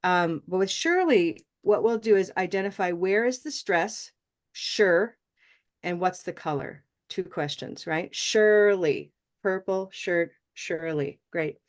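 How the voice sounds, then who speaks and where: A woman's voice: fairly low pitch, expressive. Woman teaching pronunciation, encouraging. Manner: encouraging, models sounds slowly and repeats them. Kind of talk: online class instruction.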